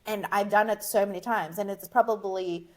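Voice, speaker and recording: A woman's voice: mid-range voice, fairly even intonation, normal speed. A woman with a mixed, partly Australian accent, a guest on a podcast, explaining her ideas with enthusiasm. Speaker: branding guest. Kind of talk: casual podcast conversation.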